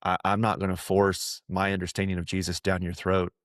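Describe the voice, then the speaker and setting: A man's voice: low voice, flat delivery, fairly quick, fairly bright tone, dry recording, clean studio sound. A man hosting a podcast, talking about faith in an earnest, conversational way, often repeating himself and putting on voices to quote people. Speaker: podcast host. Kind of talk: reflective faith talk.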